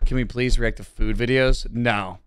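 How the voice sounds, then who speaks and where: A man's voice: medium pitch, steady tone, moderate pace, fairly bright tone, smooth, dry recording. A man streaming live, chatting casually with his chat, swearing often and reading their questions aloud before getting riled up. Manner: profane, reads chat aloud, easily riled up.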